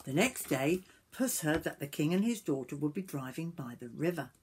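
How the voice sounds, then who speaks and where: An older woman reading a picture book aloud to children, gentle and stopping to point at the pictures. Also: deep voice, lively intonation, moderate pace, slight background noise. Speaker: storyteller grandmother.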